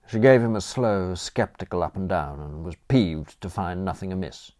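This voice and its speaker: A man reading first-person comic narration for an audiobook in a wry, animated manner. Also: low voice, normal speed, hardly any pauses.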